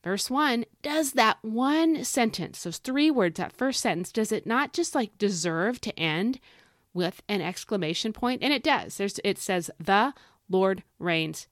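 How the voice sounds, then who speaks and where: A woman's voice: fairly high pitch, expressive, measured pace, dry recording, clean studio sound. A woman hosting a devotional podcast, reading a psalm and teaching from it in an earnest, conversational way, repeating key phrases for emphasis and speaking straight to the listener.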